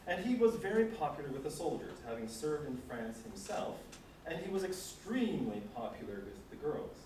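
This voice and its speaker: Male lecturer, animated, wry asides, echoey hall, far mic. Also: mid-range voice, slight background noise. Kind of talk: lecture with read passages. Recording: echoey room, distant mic.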